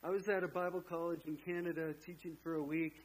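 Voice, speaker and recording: Husky, higher-voiced male pastor preaching. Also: flat delivery, quick pace, poor audio. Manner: storytelling with casual asides. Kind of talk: sermon.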